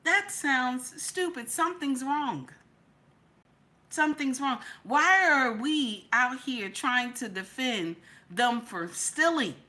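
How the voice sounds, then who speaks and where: A woman with a high, bright, cutting voice delivers a loose, heated livestream rant. She fires off repeated rhetorical questions, swears freely and breaks off to greet viewers in the chat. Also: slow pace. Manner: animated, profane, rhetorical, repeats questions for emphasis; addresses chat viewers directly. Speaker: livestream commentator. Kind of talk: casual ranting livestream commentary.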